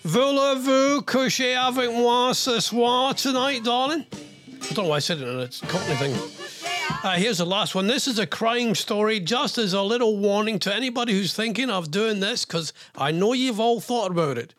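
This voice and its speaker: A man's voice: high-pitched, fairly quick, over music. A man hosting a show, chatting through news stories in a joking, rambling way. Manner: animated, joking, rambling asides. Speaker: radio host. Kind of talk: jokey chat on news stories.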